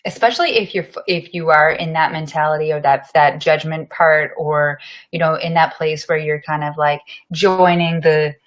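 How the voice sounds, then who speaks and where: A woman's voice: sits low, steady tone, normal speed, few pauses. A woman co-hosting a casual podcast chat, talking earnestly, affirming her co-host and swearing casually.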